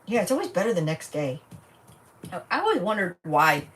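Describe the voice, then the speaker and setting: A woman rambles through her craft project, thinking aloud in a casual, easygoing way. Her voice sits on the low side and is picked up from a little away from the mic. A faint hiss of noise runs underneath. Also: big pitch swings, a little fast, fairly bright tone, far from the mic. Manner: chatty, thinking aloud as she works. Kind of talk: casual chat while crafting.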